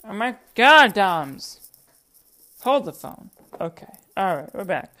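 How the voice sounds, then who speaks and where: A young woman hosting a podcast in casual chat, profane, excitable and rambling, talking into a desk microphone. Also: mid-range voice, takes it slowly. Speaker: podcast host.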